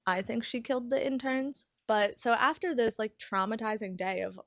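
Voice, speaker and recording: A woman's voice: mid-range voice, no echo, clean studio sound. A young woman vlogger casually recapping a novel's plot, chatty and full of "like" as she retells scenes. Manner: chatty, heavy use of "like", lively retelling. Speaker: book vlogger.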